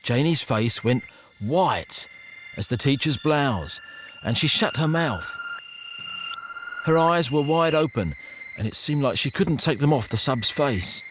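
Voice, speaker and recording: A man reads a first-person spooky tale aloud in a scripted, suspenseful style. His pitch sits in the middle range but swings widely as he builds tension, with a faint hum of ambient noise behind him. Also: unhurried, long pauses. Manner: expressive, suspenseful. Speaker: storyteller.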